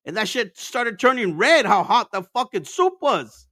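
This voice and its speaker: A man's voice: sits high, big pitch swings, moderate pace, a bit bright, no room sound, studio quality. A man telling stories in casual chat as a podcast host, laid-back and profane, laughing often and mixing Spanish into his English.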